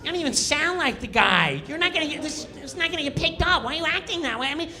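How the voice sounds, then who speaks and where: A man impersonating a fellow male comedian as a high-pitched, whiny nag who picks at a castmate. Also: lively intonation, fast talker, sharp tone, heavily acted. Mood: whiny nagging. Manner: frantic, nitpicking, exasperated.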